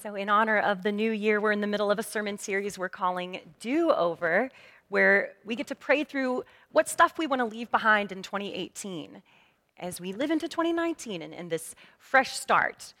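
A woman pastor preaching a sermon in a lively, conversational storytelling manner. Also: medium pitch, moderate pace. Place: church sanctuary. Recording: long reverb of a church hall.

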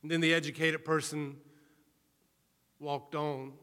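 High-voiced man preaching in a ringing hall. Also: flat delivery, a bit bright, smooth. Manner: earnest, measured storytelling. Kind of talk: sermon. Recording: reverberant hall.

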